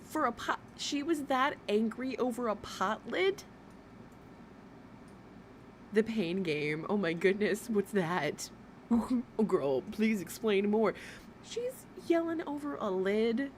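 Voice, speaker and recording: Woman, livestream host, reaction commentary, profane, exasperated, mid pitch, faint noise behind.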